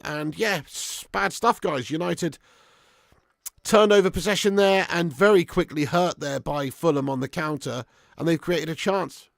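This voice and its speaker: High-pitched, gravelly football fan. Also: male voice, unhurried, no echo, clean studio sound. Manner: swears a lot, swings between excited shouting and flat grumbling. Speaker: football watch-along host. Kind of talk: live match commentary and fan chat.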